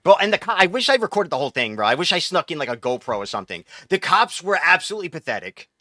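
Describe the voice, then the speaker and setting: Fired-up, bright-voiced man ranting on a live stream. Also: fairly high pitch, big pitch swings, rapid-fire, no echo, clean studio sound. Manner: profane, exasperated, rambling with restarts. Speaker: livestream host. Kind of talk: casual ranting storytelling.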